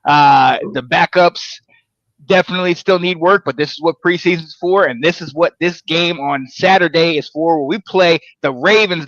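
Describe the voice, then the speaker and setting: A man hosts a casual sports show in a bright, somewhat high voice. He rambles with energy, stacking one thought on the next. The sound is dry and a little dull. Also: no echo. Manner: energetic, rambling, pitch jumps when excited. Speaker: podcast host.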